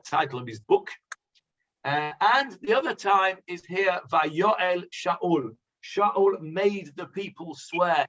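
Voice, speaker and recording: A man, a rabbi, leading a conversational Bible class, pausing with many fillers and asking the class questions. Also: on the high side, a bit bright. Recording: dull lo-fi sound.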